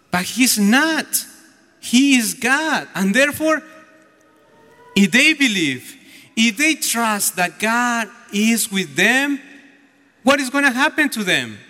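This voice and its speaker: A man's voice: extremely high pitch, animated, takes it slowly, long pauses, pushed and bright. A man preaching a homily as a deacon, telling the story animatedly and acting out the voices. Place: church. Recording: echoey church hall.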